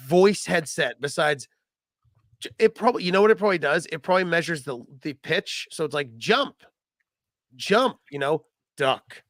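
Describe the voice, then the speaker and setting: A man's voice: a little high, a little fast, fairly bright tone, no echo, clean studio sound. A man in his forties co-hosting a retro gaming chat, joking and riffing on bits. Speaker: podcast co-host. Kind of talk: casual chat.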